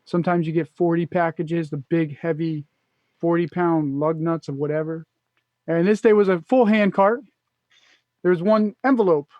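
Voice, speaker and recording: A man's voice: fairly high pitch, moderate pace, a little mellow, no echo, muffled recording. A man on a casual podcast, telling a story bluntly, with lots of swearing and acted-out quotes. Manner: blunt, profane, acts out exasperated quotes.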